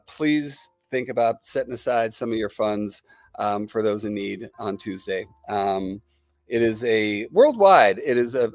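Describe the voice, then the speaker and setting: A man's voice: mid-range voice, darkish tone, dry recording. Chatty man hosting a live stream. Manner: chatty, rambling, enthusiastic salesman. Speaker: host. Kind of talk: live-stream product chat, answering viewer comments.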